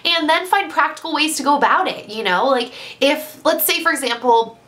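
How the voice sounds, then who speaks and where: A young woman talks straight to her viewers in a casual, heartfelt vlog. Her voice is bright and forward, and her speech is loose and gushing, full of little fillers as she urges them on. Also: high voice, animated, normal speed. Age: young adult. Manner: earnest and gushing, many fillers like "like" and "you know". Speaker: vlogger. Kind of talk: casual motivational talk to camera.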